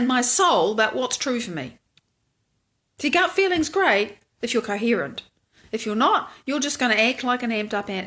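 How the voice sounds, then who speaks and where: A woman's voice: high voice, fairly bright tone. A woman coach giving a live talk, acting out inner thoughts and speaking to viewers. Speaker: self-love coach.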